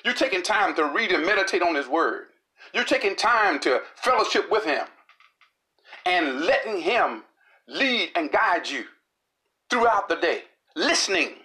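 Lively, bright-voiced preacher. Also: a little slow. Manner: rhythmic, repetitive preaching with dramatic pitch swings. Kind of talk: sermon.

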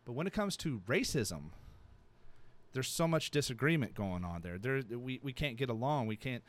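A man at a middling pitch whose voice rises and falls a lot. He co-hosts a casual podcast chat, rambling, joking and circling back over his own words. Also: sing-song, normal speed. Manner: rambling, joking, repeats himself. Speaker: podcast co-host.

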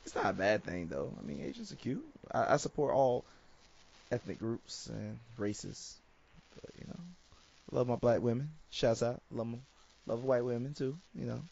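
Gravelly, joking man in casual chat. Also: mid-range voice, normal speed, a little mellow. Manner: joking, playful, exaggerated reactions. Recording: dry, slightly dull sound.

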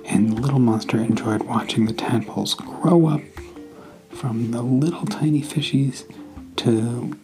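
A man hosting a podcast, telling a bedtime story in a soft, hushed, partly whispered voice. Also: medium pitch, over music, rough recording. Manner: slow, hushed, half-whispered. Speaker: podcast host.

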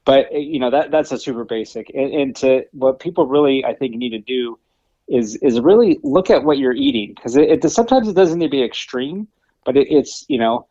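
A man co-hosts a casual podcast, explaining basics earnestly and checking in with frequent tag questions. His pitch is average for a man. The recording sounds a little dull and muffled. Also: expressive, brisk, warm tone, dry recording. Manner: earnest, explanatory, many restarts and "right?" tags. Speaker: podcast co-host. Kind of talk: casual chat.

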